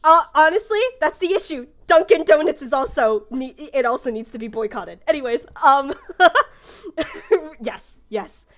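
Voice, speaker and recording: A woman's voice: sits high, animated, unhurried, fairly bright tone. A woman running a tabletop game as game master, narrating casually with lots of fillers. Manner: casual, rambling with many fillers.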